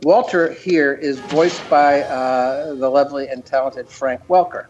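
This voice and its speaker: An older man, a cartoon creator and guest, telling stories in a casual chat, halting with many fillers. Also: mid-range voice, darkish tone, highs cut off, soft background music.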